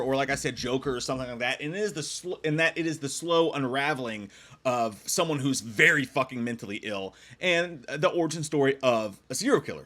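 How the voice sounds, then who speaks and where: Animated, swearing guy reviewing movies. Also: on the high side. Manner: profane, rambling, animated. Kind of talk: casual spoiler review chat.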